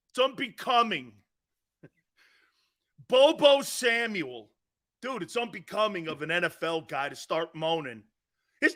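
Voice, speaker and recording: A man hosting a sports talk show, ranting in a loud and mocking way. His voice sits very high and swings widely. It sounds bright and edgy, and he talks at an unhurried pace. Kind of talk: sports opinion rant.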